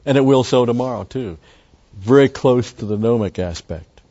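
A man's voice: medium pitch, moderate pace, warm tone, highs cut off. An older man teaching a Bible study lecture in a rambling, conversational way full of asides.

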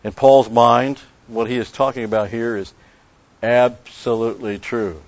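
A man's voice: medium pitch, fairly even intonation. Emphatic male preacher on a dull recording. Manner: emphatic, repeats key phrases, slows on Greek words. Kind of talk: expository Bible teaching.

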